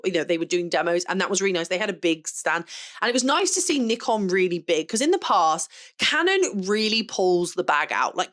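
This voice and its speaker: A woman's voice: medium pitch, fairly bright tone. A young adult woman, chatting casually to camera about an event, rambling and laughing often. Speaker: photographer and vlogger.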